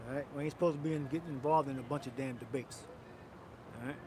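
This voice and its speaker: A man's voice: mid-range voice, fairly even intonation, fast talker, mellow, a little hiss or hum. A man leading an outdoor street preaching camp, blunt and coarse, calling on others to read scripture. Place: outdoors on a city street with traffic.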